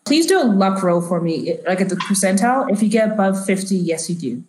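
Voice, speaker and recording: A woman's voice: medium pitch, animated, brisk, a little mellow, echoey room, a little hiss or hum, poor audio. A woman narrating as game master of a tabletop game, chatty and full of fillers.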